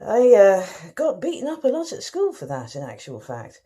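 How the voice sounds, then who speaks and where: Speaking at a moderate pace in a medium-pitched voice with a dark tone and huge pitch swings, a woman from England's West Country delivers a chatty, self-mocking comic monologue as a contestant. Her West Country accent is broad and exaggerated, and she calls her listeners darlings.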